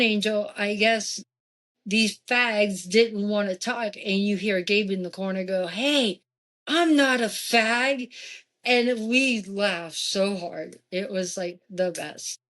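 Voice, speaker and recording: A woman, probably in her forties, casually recounting her experiences in a haunted house, animated and lively when she quotes other people. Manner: animated, jumping in pitch for quoted voices. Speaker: guest. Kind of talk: casual storytelling.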